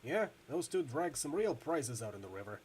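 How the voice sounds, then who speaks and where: A man's voice: mid-range voice, big pitch swings, moderate pace, a little hiss or hum, lightly acted. Ten Arms, a man doing a rowdy Midwestern rigger-doctor. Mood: gruff. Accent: loose Midwestern American. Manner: boisterous, loud, jokey, laughs a lot. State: hungover. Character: cheerful hungover cyborg rigger-doctor, man in his forties. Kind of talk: video game dialogue read aloud.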